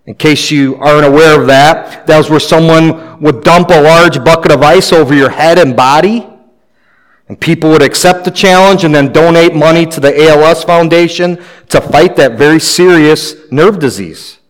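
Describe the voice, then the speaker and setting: Male pastor, slightly high voice, easygoing sermon delivery with gentle jokes. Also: normal speed, rough recording. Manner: conversational preaching with light humor.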